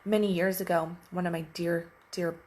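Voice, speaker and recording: A woman relationship coach telling a story in casual coaching talk, animated and emphatic, with lots of repetition. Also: lowish voice, normal speed.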